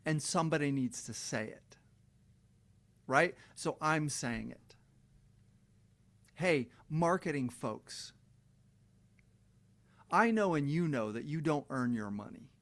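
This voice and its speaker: A middle-aged man with a slightly raised pitch vents to his audience in a heated, cursing rant. His delivery is emphatic and loaded with profanity. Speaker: vlogger. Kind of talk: angry rant to camera.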